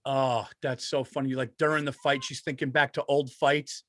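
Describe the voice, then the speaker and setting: A middle-aged man, a comedian co-hosting a podcast, telling stories in an excitable, profane way and laughing as he talks. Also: medium pitch, moderate pace, no room sound. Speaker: stand-up comedian and podcast co-host. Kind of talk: casual podcast chat.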